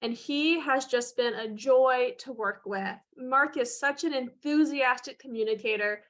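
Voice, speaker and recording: A woman's voice: high voice, a little slow, a bit bright. A woman clinician presenting a certificate at a virtual ceremony, praising a child with enthusiastic pride and a few fillers, over a video call.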